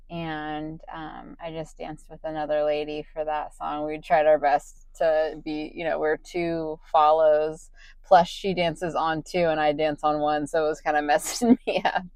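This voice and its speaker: A woman's voice: deep voice, a little mellow, clear, resonant tone, no room sound, rough recording. Tired woman vlogging late at night. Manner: rambling, many ums and restarts. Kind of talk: casual late-night vlog talk.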